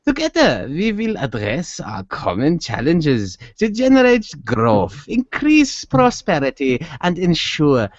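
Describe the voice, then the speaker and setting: A man's voice: on the high side, wildly swooping pitch, takes it slowly, hardly any pauses, dry recording, heavily acted. A man putting on a German accent to voice a stiff male official reading a formal statement in a mock-solemn way. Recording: dull dry sound.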